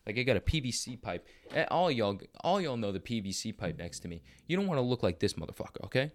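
A brash young man rants into a podcast mic, crude and full of swearing. He brags loudly and breaks into quick, excited bursts. His voice sits at an ordinary male pitch. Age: young adult. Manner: crude, boastful, profane rants; bursts of fast, excited talk. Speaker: podcast host. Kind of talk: casual monologue.

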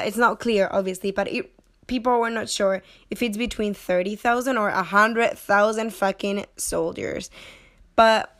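Young woman, casual film-review vlogger, under the weather and a little breathless; chatty and digressive, playful, swears casually. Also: mid-range voice. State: sick, short of breath, coughing. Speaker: movie reviewer.

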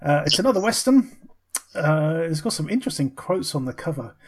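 A man's voice: on the high side, sing-song, a little fast, breathy edge. A man co-hosting a casual film review podcast, talking with many ums and restarts. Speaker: podcast co-host.

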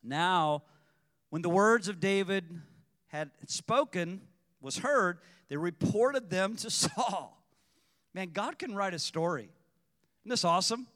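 A man preaching a sermon in a church, shifting between quiet teaching and loud exhortation. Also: sits high, animated, takes it slowly. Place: church sanctuary. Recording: long reverb of a church hall.

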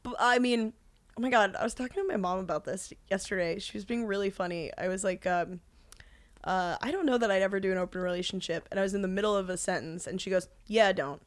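A woman's voice: medium pitch, quick pace, no room sound. A chatty woman in her thirties co-hosting a podcast. She talks in a mid-range voice and laughs often as she tells stories. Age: 30s. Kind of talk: casual chat.

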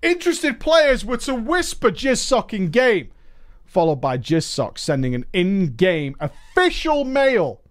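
A man's voice: medium pitch, dry recording, studio quality. Playful man telling a comedic story. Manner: playful, chuckles at his own story.

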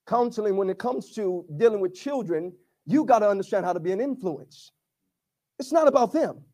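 Male pastor, high voice, energetic call-and-response sermon delivery. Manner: call-and-response preaching, rising to shouts.

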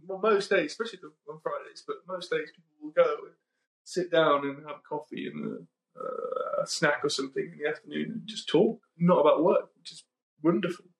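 A man hosts a casual podcast chat with a slightly raised pitch and a gravelly, fry-edged voice. He rambles and corrects himself as he goes, with plenty of ums. The room is echoey. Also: a little fast. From United Kingdom. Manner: chatty, rambling, with frequent ums and self-corrections. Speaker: podcast host.

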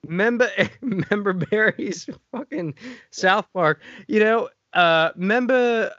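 Guy hosting a podcast, gets all fired up and cussing, kinda high voice, dry muffled sound. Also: a little slow, dry recording. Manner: animated, swears a lot, gets worked up. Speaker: podcast host. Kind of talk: casual chat.

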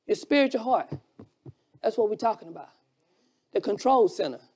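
A preacher delivering an emphatic sermon, shouting key lines and repeating phrases for effect, with quieter, quicker asides in between. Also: mid-range voice, expressive, slightly rough. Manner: drops to a quiet, fast aside at times.

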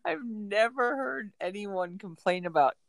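A woman's voice: mid-range voice, expressive, a little slow, gravelly. A woman in casual conversation, mostly listening and chipping in with short, easygoing remarks. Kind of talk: casual chat.

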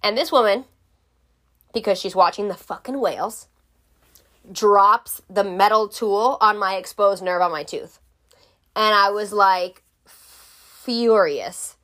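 A woman's voice: mid-range voice, slow pace, pauses often, bright, forceful tone. Profane young woman telling a story. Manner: blunt, profane, exasperated storytelling. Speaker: vlogger. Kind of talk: storytime vlog.

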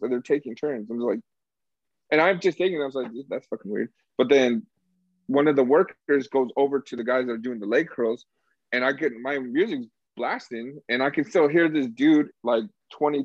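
A young man telling a story in a casual chat, swearing a lot and loudly acting out the people he quotes. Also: mid-range voice, no echo. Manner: animated, profane, acts out quotes loudly. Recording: dull lo-fi sound.

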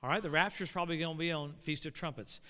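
High bright-voiced preacher in an echoing hall. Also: male voice, fast. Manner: animated, building to shouts. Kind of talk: sermon. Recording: long reverb of a hall.

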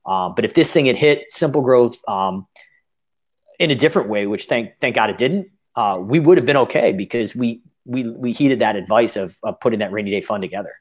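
A man's voice: mid-range voice, animated, fairly quick, breathy edge. A man who owns businesses, giving a long, rambling interview answer full of fillers and restarts. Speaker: business owner guest.

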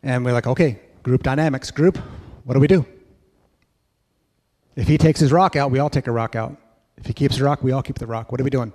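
A man telling a story in a sermon at church, lively and acting out voices. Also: medium pitch, fairly quick, pauses often, in a large hall. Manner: animated storyteller, acts out kids' voices. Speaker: church speaker.

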